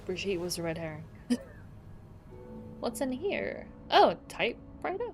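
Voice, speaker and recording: A woman at mid pitch plays through a story game and reads each letter aloud in her own voice. She keeps cutting in with playful asides and laughter, and faint music sits under her voice. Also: big pitch swings, a little slow, pauses often. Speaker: game streamer. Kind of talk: casual let's play, reading in-game letters aloud.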